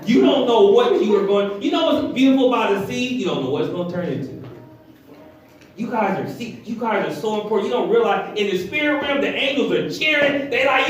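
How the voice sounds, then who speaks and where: A pastor delivers an animated sermon in a high voice, acting out voices as he preaches. He stands far from the mic, and the hall around him rings with heavy echo. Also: brisk. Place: church hall. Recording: echoey hall, heard from far.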